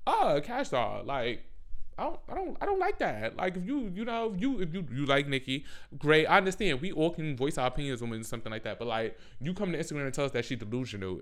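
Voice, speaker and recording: Sassy, foul-mouthed man ranting. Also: mid-range voice. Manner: sassy, profane, animated, slangy. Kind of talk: casual rant.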